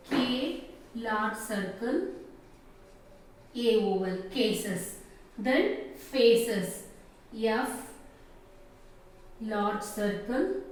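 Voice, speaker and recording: A woman teaching shorthand step by step, slowly and methodically naming each stroke. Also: on the high side, far from the mic. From India. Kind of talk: step-by-step classroom explanation. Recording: echoey room, off-mic, faint noise.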